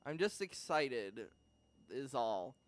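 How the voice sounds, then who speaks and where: A male podcast co-host in casual chat, excitable, quick to laugh and swear. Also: mid-range voice.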